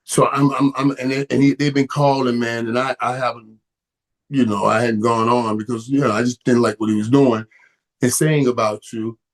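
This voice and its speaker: A man's voice: medium pitch, steady tone, normal speed. A middle-aged man hosts a live stream in a loose, conversational way. He stumbles over his words and doubles back on them, and he grows passionate and heated as he goes. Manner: stammering, repeats words, gets emotional and heated. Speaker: host. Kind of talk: casual live-stream talk.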